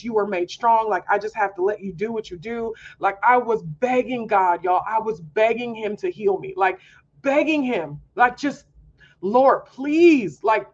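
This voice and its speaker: A woman's voice: mid-range voice, highs cut off. A woman hosting a homeschool mom podcast, talking earnestly in a candid personal monologue, confiding and full of fillers.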